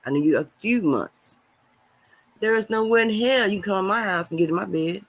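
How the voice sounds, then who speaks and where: A man talking on a casual live stream, reading viewer comments and preaching loudly, swinging between shouting and mumbling. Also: sits high, expressive, moderate pace.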